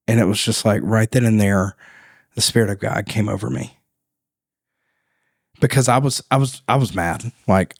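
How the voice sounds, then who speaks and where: A man hosting a faith podcast, telling a story in an animated, casual way, laughing often and acting out the voices of the people in it. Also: on the low side, dry recording, clean studio sound. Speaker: podcast host.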